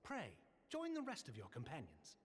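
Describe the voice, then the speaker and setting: A man's voice: mid-range voice, huge pitch swings, normal speed, a little hiss or hum. An actor playing a gracious, courtly young male knight who speaks in formal, archaic phrasing, as game cutscene dialogue with music beneath. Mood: courteous. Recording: game audio with music underneath.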